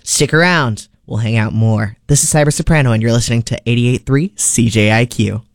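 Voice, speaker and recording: A man's voice: medium pitch, fairly quick, no echo. A man hosting a radio show in a studio, chatting casually with a sarcastic manner. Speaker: radio host.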